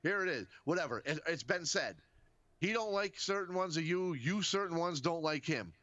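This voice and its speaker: A man co-hosting a casual podcast chat, talking in an animated, profane, rambling way full of restarts. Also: fairly high pitch, normal speed, dry recording, dull audio. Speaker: podcast co-host.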